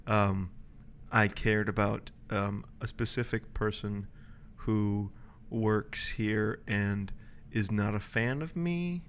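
A man's voice: fairly low pitch, slow pace, hardly any pauses, a little hiss or hum. Rambling young man, podcast host. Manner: rambling, filler-heavy, self-conscious. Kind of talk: casual chat. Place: study room in a library.

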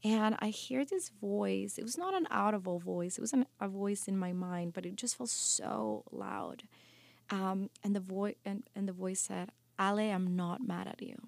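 A life coach appears as a podcast guest, sharing a personal testimony with earnest emotion and frequently restarting her sentences. Her voice is mid-range and creaky, her pace measured, and the recording is dry.

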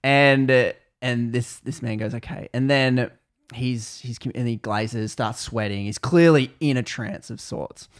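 A man's voice: medium pitch, a little slow, clear, resonant tone. Man telling a story, casual and rambling. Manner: rambling, self-correcting, laughs at own jokes. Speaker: podcast storyteller.

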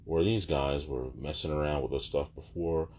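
A man's voice: rumbling low, steady tone, moderate pace, darkish tone, a little hiss or hum. A man vlogger telling a story in a casual, exasperated, ranting way.

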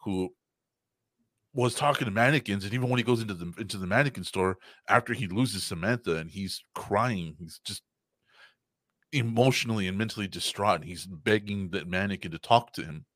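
A man's voice: fairly low pitch, brisk, fairly bright tone, no room sound, clean studio sound. A man co-hosting a casual podcast chat, talking animatedly and swearing freely as he acts out movie scenes. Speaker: podcast co-host.

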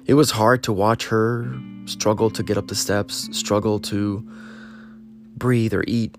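Earnest man pleading softly over faint guitar. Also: lowish voice, steady tone, a little slow. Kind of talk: personal heartfelt monologue. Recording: faint guitar music behind.

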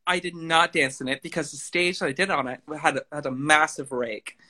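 A young man guesting on a casual chat, talking about theater in an enthusiastic, expressive way. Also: fairly high pitch, brisk. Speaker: guest actor.

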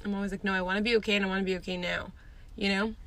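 A woman's voice: mid-range voice, level tone, rapid-fire, fairly bright tone. A young woman in a casual group chat, speaking earnestly and reflectively.

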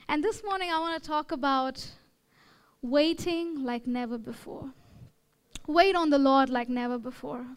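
With a sharp tone sitting high in her range, a young woman preaches in an Indian English accent. Her sermon feels like a conversation, punctuated by check-ins such as "okay?" and "all right?".

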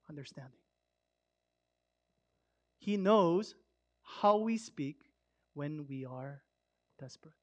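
A man preaches in a relaxed, talky way, leaning hard on key words and then dropping almost to a murmur. His voice sits notably high for a man. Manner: conversational, emphatic with swings from loud to hushed. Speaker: pastor. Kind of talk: sermon.

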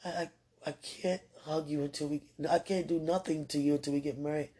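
A woman's voice: low voice, steady tone, a little fast, dark tone, slightly rough. A woman speaking casually and earnestly to her partner, rambling with restarts, religious phrasing and frequent laughter. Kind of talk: casual heartfelt talk.

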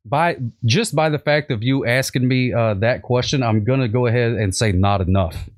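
A man's voice: medium pitch, normal speed. A man hosting a casual comedic chat, rambling and jokey, with lots of restarts. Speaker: podcast host.

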